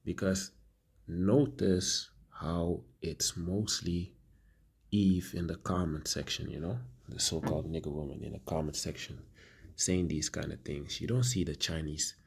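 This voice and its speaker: A man giving halting preaching commentary, repeating words and ending phrases with "man". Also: sits low, fairly even intonation, creaky, slightly rough. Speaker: religious commentator.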